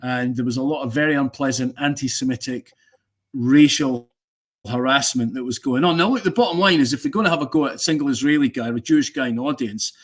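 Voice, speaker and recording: A man's voice: medium pitch, fast talker. A man hosting a casual live stream, giving strong opinions in a rambling way and joking with viewers.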